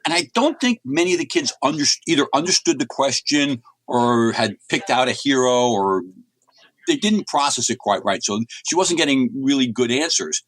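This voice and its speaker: A man's voice: mid-range voice, lively intonation, moderate pace, a bit bright, no echo. A middle-aged man from the United States, a comics writer telling rambling anecdotes as an interview guest. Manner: chatty, rambling anecdotes with many restarts. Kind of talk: casual storytelling in an interview.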